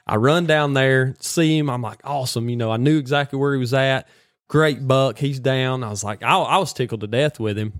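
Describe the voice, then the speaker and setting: A man telling a hunting story in a casual, animated way, full of folksy slang. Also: medium pitch, brisk, no room sound, studio quality.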